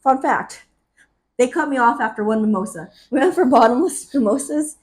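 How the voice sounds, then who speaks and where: Young woman podcast cohost, chatty and animated, laughs a lot, a bit high-pitched. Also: moderate pace. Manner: animated storytelling with frequent laughter. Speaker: podcast co-host. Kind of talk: casual chat.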